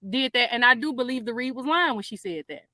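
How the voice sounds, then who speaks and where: A woman hosting a livestream, talking in a rambling, defensive way with many halting restarts. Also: on the high side, lively intonation, bright, forceful tone, dry recording. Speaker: livestream host. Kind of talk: casual livestream talk.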